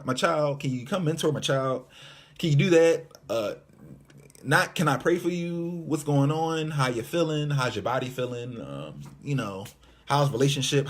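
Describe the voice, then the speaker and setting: A man's voice: medium pitch, husky. A man, a mime minister, venting candidly and from the heart in a personal video monologue from his apartment, often repeating his phrases. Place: apartment room with white walls.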